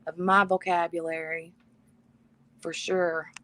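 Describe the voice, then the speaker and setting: A woman's voice: lowish voice, little pitch movement, slow pace, fairly bright tone, slight background noise. A woman hosting a casual live stream from her bedroom, chatting and reading viewer comments aloud. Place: bedroom at home.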